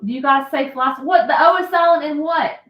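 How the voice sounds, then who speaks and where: A woman's voice: high-pitched, fairly quick, dull audio. A woman hosting a casual live stream, chatting and laughing often as she answers viewer comments. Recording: roomy echo.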